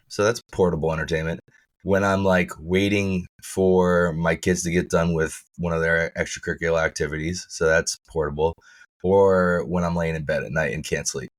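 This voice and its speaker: A man co-hosting a podcast in casual chat, his voice rough and froggy from feeling unwell, rambling and restarting sentences. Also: deep voice, normal speed. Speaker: podcast co-host.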